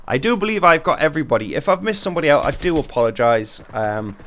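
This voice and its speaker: A man's voice: fairly high pitch, expressive, fast, a bit bright. Chatty British man answering viewer questions. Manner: chatty, off-the-cuff, rambling. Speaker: YouTube channel host. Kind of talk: casual Q and A vlog.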